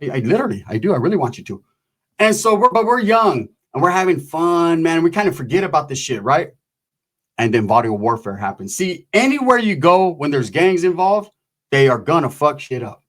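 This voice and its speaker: A man's voice: a little high, a little fast. A man telling a rowdy personal story in profane slang, acting out the people he quotes. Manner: profane, animated, acts out quotes.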